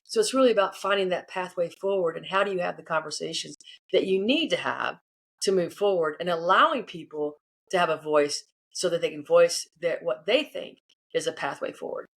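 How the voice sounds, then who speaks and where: A woman leadership coach answering interview questions, animated and acting out the people in her stories. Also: fairly low pitch, a little fast, vocal fry. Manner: animated, acts out quoted people. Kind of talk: casual interview answers, storytelling.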